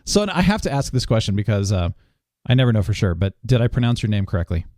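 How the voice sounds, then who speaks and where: A man's voice: fairly low pitch, big pitch swings, quick pace, a little mellow, dry recording, studio quality. A man hosting a podcast interview in a casual, upbeat and enthusiastic way, laughing often. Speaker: podcast host.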